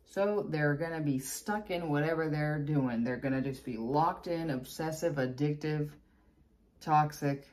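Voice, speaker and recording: A woman's voice: deep voice, a little slow, a little mellow. A woman giving a casual tarot reading, chatty and blunt, with exasperated asides. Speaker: tarot reader.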